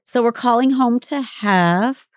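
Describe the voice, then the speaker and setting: A woman's voice: fairly high pitch, slow, no echo, studio quality. A middle-aged woman co-hosting a podcast, talking frankly, mocking herself and swearing casually. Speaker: podcast co-host. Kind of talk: casual chat.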